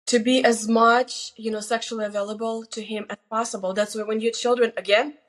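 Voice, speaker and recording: A woman's voice: a little high, steady tone, brisk. Earnest middle-aged woman giving advice. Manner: earnest, emphatic, faith-based, acts out quoted lines. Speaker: guest sharing marriage advice. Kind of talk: candid advice conversation. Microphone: video interview mic.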